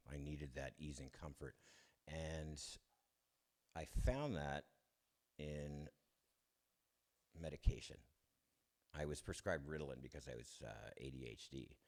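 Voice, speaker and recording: Low-voiced man telling his story. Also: darkish tone. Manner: candid, self-deprecating, chuckling between lines; halting restarts. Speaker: speaker sharing his recovery story. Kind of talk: personal testimony talk.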